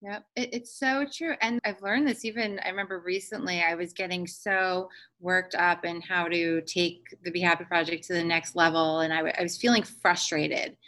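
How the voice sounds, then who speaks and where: A woman's voice: on the low side, steady tone, moderate pace, hardly any pauses, a bit bright. A woman hosting a casual podcast chat, talking in an earnest, reflective and motivational way.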